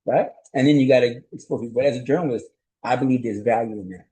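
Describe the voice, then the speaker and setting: A man's voice: medium pitch, fast talker, dark tone, rough recording. A male host and journalist giving a solo commentary recap. He speaks conversationally and rhetorically, keeps asking "right?", and chuckles often.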